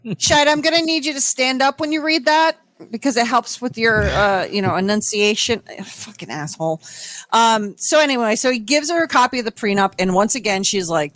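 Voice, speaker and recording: Profane storytelling woman, higher voice. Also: brisk, a bit bright, no room sound. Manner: profane, acts out others' quotes. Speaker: podcast co-host. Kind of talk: casual comedic storytelling.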